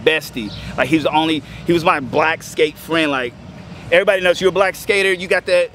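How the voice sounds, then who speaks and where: A man in his thirties telling his recovery story emotionally, halting and choking up, with frequent restarts. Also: on the high side, a bit bright. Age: 30s. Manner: halting, choked up, breaks off with restarts. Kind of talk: emotional personal testimony. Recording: outdoor street noise with passing cars.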